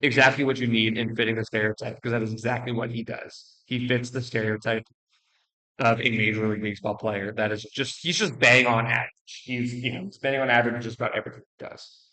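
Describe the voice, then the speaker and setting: A young man ranking baseball players in casual commentary, blunt and joking, rambling with restarts and quick apologies. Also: medium pitch, fairly even intonation, sharp tone, rough recording. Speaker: baseball video creator.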